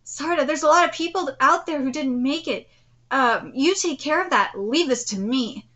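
A woman's voice: high voice, moderate pace, a bit bright. Woman reading as a cool young ninja hero. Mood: protective. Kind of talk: reading manga dialogue aloud.

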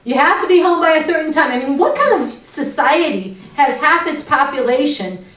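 A fairly high-voiced woman speaks as an activist, urgent and earnest as she tells one story after another. The sound comes from a room with noticeable echo, picked up from some distance off the mic. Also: lively intonation, normal speed, fairly bright tone. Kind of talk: impassioned spoken talk.

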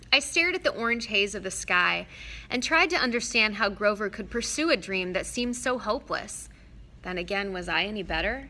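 Bright-voiced woman reading a novel. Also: medium pitch, moderate pace. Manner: steady, expressive storytelling. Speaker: audiobook reader.

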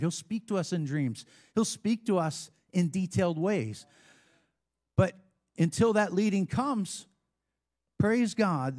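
A man's voice: sits high, a little mellow. A man preaching a sermon as a pastor, talking in a conversational way with frequent asides and call-and-response with the congregation.

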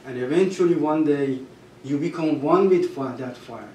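A man with a Persian accent and Persian as his first language, telling personal stories at a gathering, halting and restarting, with soft laughs. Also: fairly high pitch, a little hiss or hum. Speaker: storyteller at a gathering. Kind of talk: personal storytelling. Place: gathering room. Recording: echoey room, mic far off.

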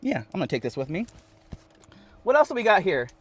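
A man's voice: high voice, sing-song, a little fast, a little hiss or hum. A man hosting a casual live stream from inside his van, reading viewer comments aloud and repeating phrases playfully. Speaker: vanlife livestream host.

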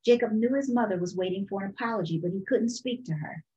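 Woman, storytime reader, calm expressive reading, middle pitch, muffled lo-fi sound. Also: quick pace. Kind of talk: reading a children's picture book aloud.

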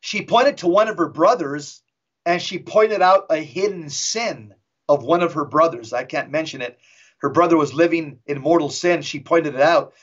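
A middle-aged man, a guest on an interview show, telling a dramatic story in an intense, emphatic way and slowing down for effect. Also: fairly high pitch, fairly bright tone, breathy edge. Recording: dull lo-fi audio.

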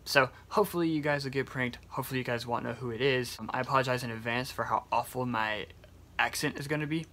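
A man's voice: medium pitch, fast, sharp tone. A young man talking casually to his viewers about prank calling them, laughing often. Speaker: YouTuber. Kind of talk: casual vlog talk and prank call. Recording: faint background noise.

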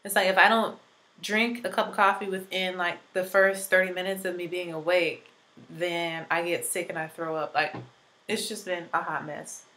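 A woman's voice: lowish voice, little pitch movement, normal speed, bright, forceful tone, low-quality recording. A woman in her twenties chatting casually through a makeup tutorial, rambling with lots of fillers, recovering from being sick. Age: 20s. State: recovering from illness. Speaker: beauty vlogger.

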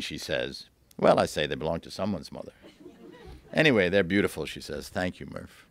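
A man reading aloud from his own novel at a bookstore event, lively, lifting his voice for the dialogue. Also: creaky, dry recording. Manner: lively, voices the dialogue with raised pitch and quick asides.

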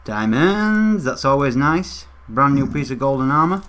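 A man's voice: mid-range voice, sing-song, a little slow, fairly bright tone, slight background noise. Chatty man narrating his gameplay. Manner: chatty, talks straight to viewers. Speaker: gaming channel host. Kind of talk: casual gameplay commentary.

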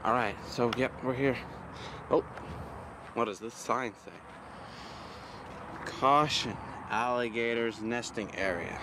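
A man's voice: mid-range voice, slow, long pauses, background noise. A young man vlogging casually while walking through an outdoor park, joking and ranting in mock exasperation.

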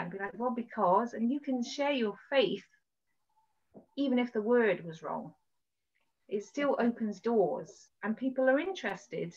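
Animated woman telling a story on a lo-fi call. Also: on the high side. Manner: animated storytelling, acts out quoted voices. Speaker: podcast host sharing a testimony. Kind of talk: casual video-call conversation. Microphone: video call. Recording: dull lo-fi video-call audio.

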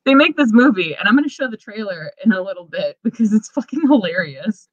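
Her mid-range voice is animated and fairly quick. She co-hosts a podcast in casual conversation, cursing frequently and quick to laugh, recorded echo-free through a dull lo-fi mic.

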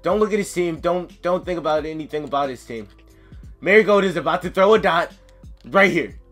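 A man giving excitable live gameplay commentary, yelling, chanting cheers and talking himself through nervous moments. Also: fairly high pitch, fairly quick, faint music behind. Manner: yells and chants, sings cheers, flustered self-talk. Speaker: gaming commentator.

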